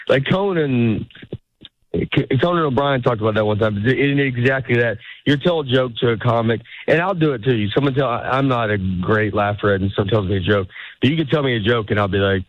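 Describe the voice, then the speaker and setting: A man's voice: medium pitch, expressive, normal speed, no room sound. A middle-aged man, a stand-up comedian, chatting casually and rambling, acting out the lines he quotes. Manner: rambling, self-interrupting, acts out quoted lines. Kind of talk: casual interview chat. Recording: dull lo-fi sound.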